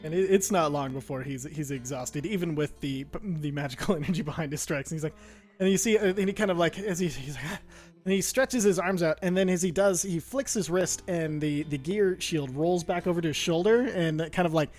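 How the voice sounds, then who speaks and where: A man playing a tabletop game, describing his character's actions in an animated, rambling way. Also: a little high, fairly quick, faint music behind. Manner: animated, rambling, laughing often. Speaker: player.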